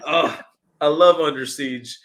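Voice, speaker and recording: A man co-hosting a podcast, chatting casually and laid-back, chiming in with quick agreement. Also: fairly high pitch, fairly bright tone. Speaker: podcast co-host. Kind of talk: casual chat.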